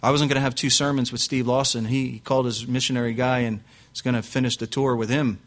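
A male pastor telling a lively personal story, acting out his quotes and restarting his sentences often. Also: medium pitch, fast talker. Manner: animated anecdote with acted quotes, frequent restarts and laughs. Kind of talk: preaching storytelling.

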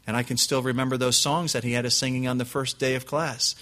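A male pastor telling a lively personal story, acting out his quotes and restarting his sentences often. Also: medium pitch, quick pace. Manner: animated anecdote with acted quotes, frequent restarts and laughs. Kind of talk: preaching storytelling.

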